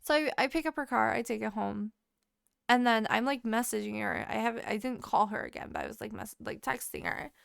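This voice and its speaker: High, swearing, animated woman storyteller. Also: brisk, gravelly, clean tone, no room sound, clean studio sound. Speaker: podcast co-host. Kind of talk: casual chat.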